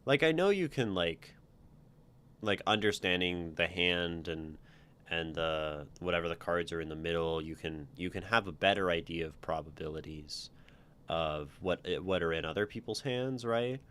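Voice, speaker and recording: A man's voice: deep voice, moderate pace, sharp tone, clean tone. A man hosting a livestream, reading viewers' writing aloud and critiquing it in a rambling way full of ums and restarts.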